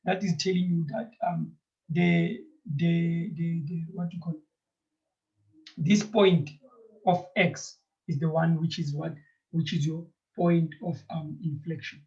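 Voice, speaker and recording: A man teaching a math lesson, speaking straight to his students, often checking in with "right?" and filling pauses with "um". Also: a little high, little pitch movement, a little mellow. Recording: dull lo-fi recording.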